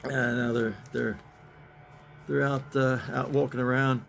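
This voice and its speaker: Slow, gravelly older man chuckling over comics. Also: mid-range voice, level tone, fairly bright tone, a little hiss or hum. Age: 70s. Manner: chuckling, rambling, halting restarts. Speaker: host reading comic strips. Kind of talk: casual chat.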